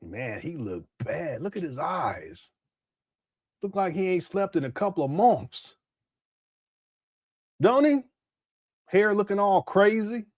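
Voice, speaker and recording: A man's voice: sits high, big pitch swings, slow pace, pauses often, no room sound, studio quality. A man giving casual live commentary over a video he is watching, laughing and making mocking asides. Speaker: livestream commentator.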